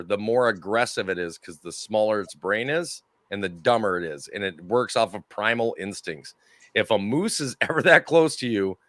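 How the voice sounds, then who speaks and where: A man's voice: on the low side, a bit bright, dry recording. A man co-hosting a casual podcast, telling stories with swearing and frequent laughter. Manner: profane, storytelling, laughs often. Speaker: podcast co-host; former army sergeant. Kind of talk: casual banter.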